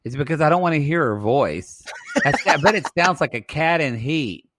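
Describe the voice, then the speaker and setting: A man co-hosting a podcast, chatting casually and campily about a reality show, breaking into high falsetto impressions. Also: normal speed. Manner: animated, campy, swoops into high falsetto impressions. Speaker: podcast co-host. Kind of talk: casual recap chat.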